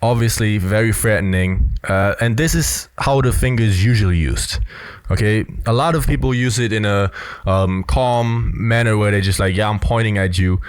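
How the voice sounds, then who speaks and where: A man's voice: lowish voice, moderate pace, smooth, no room sound. A man giving casual video commentary on body language, explaining step by step and dropping in lots of "you know" and "right?".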